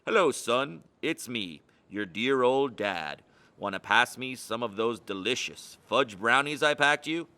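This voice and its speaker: A hungry storybook seagull, cunning and wheedling, who bluffs in pompous official tones, put on by a man reading aloud. The tone is bright and pointed. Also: mid-range voice, lively intonation, unhurried. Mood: coaxing. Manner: wheedling, plays at official voices. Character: scheming hungry male seagull.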